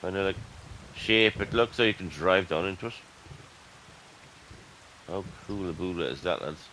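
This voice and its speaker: An Irish man giving casual, excitable gameplay commentary and chatting to his viewers as "lads". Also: low voice, normal speed, slight background noise, low-quality recording. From Ireland. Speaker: gaming YouTuber.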